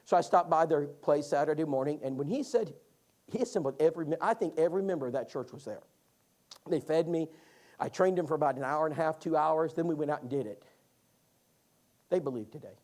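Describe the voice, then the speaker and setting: A man teaching a Bible class, telling stories in a folksy, animated way. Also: on the high side, fairly quick. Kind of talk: lively classroom storytelling.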